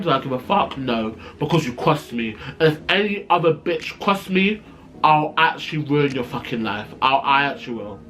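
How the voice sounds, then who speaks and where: A man telling a storytime vlog, animated, sassy and profane. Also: on the high side, slight background noise. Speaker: vlogger.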